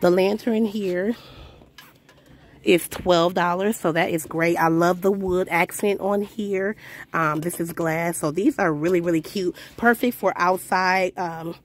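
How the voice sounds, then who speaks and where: A woman's voice: lowish voice, fairly even intonation, a little slow. A woman filming a casual haul inside a discount store, talking in an upbeat, gushing way as she walks the aisles. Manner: gushing, upbeat, repeats "love, love, love". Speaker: shopping vlogger.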